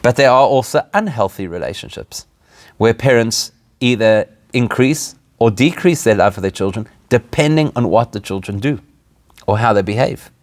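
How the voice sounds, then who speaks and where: A man's voice: lowish voice, lively intonation, moderate pace, no room sound, clean studio sound. A man, a rabbi, giving an informal spoken lesson, asking rhetorical questions and laughing at his own points. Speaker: rabbi teaching a weekly class.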